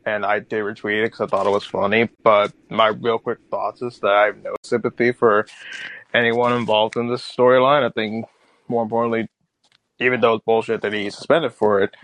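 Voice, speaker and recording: A man's voice: fairly low pitch, little pitch movement, brisk, a bit bright, low-quality recording. A young man in his twenties, a panelist on a podcast, chatting casually and filling his speech with "like.". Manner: filler-heavy, says "like" a lot. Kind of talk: casual chat.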